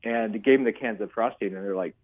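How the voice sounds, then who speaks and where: A man's voice: lowish voice, fast. An older man, a guest author, telling stories earnestly in a rambling way, with many restarts. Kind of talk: casual interview chat. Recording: phone-like call line.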